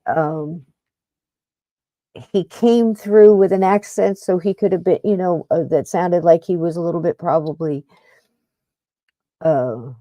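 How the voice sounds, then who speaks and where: A woman's voice: lowish voice, measured pace, pauses often, warm tone, no room sound. A middle-aged woman hosting a paranormal podcast, talking in a rambling, chatty way that often breaks off and restarts. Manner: rambling, chatty, self-interrupting. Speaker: podcast host. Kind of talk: casual paranormal podcast talk.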